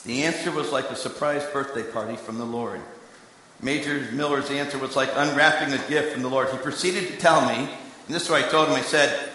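A man giving a sermon, telling a story that swings between quiet asides and emphatic lines. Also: mid-range voice, fairly even intonation, brisk, slight background noise. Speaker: preacher and candidate recruiter. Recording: echoey hall with long reverb.

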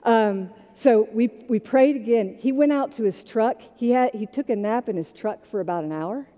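A woman pastor preaching a sermon in a conversational storytelling way, moving between quiet and loud moments. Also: fairly high pitch, moderate pace, in a large hall.

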